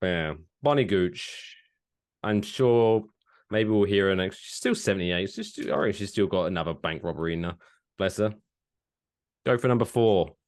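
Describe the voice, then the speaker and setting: A man's voice: deep voice, normal speed. A man co-hosting a comedy podcast, joking and playful. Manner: jokey, playful, animated. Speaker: podcast co-host. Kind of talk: casual comedy chat.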